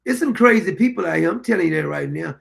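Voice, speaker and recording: Gravelly high-voiced man, blunt and mocking. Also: lively intonation, fast talker, background noise. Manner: blunt, mocking, laughs at the clips. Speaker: commentary show host. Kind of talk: reacting to news clips.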